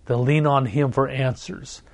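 Man, middle-aged, pastor, earnest sermon, slow emphatic phrases, dry recording. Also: mid-range voice, steady tone, vocal fry, no room sound.

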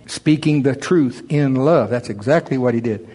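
A man preaching a sermon, reading scripture in old English between his own plain-spoken points. His voice sits in a middle pitch, and he pushes harder as he presses the message home. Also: normal speed, mellow, slightly rough. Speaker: pastor.

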